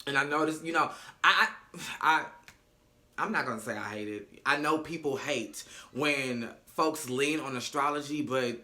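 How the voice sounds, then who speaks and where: A man's voice: medium pitch, normal speed, pushed and bright. A man giving a casual reality-show recap, sassy, emphatic and profane.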